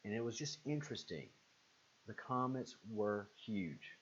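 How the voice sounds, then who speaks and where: A man's voice: sing-song, unhurried, slight background noise. A man with a Southern accent hosting a live stream, reading out viewer comments and answering them casually with lots of fillers. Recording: muffled low-fidelity stream audio.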